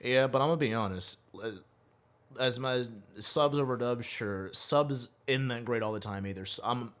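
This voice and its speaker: A man's voice: medium pitch, normal speed, fairly bright tone. Blunt, foul-mouthed man on a podcast. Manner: blunt and profane. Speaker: podcast co-host. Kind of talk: casual chat.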